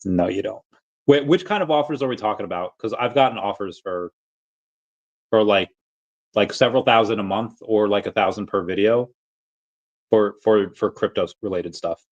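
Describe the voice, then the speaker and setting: A man's voice: lowish voice, normal speed, long pauses, muffled recording. A man hosting a casual livestream, reading chat in a rambling, self-amused way from an empty basement on a tablet mic. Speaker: livestream host.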